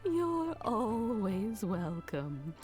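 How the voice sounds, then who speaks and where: A woman voicing a kindly, hospitable motherly figure in a video game, speaking gently and unhurriedly. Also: medium pitch, very animated, music in the background. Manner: slow, gentle, drawn-out.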